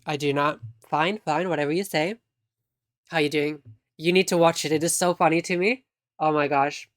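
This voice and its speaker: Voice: mid-range voice, steady tone, moderate pace, dry recording, clean studio sound. A live streamer, chatting casually and teasingly with viewers. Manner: chatty, teasing, reacting to chat.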